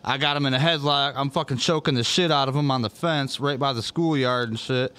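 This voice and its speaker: A man's voice: medium pitch, a little fast, bright, forceful tone, clear, resonant tone. A man hosting a casual chat show, telling rambling, profane stories full of fillers. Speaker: podcast host.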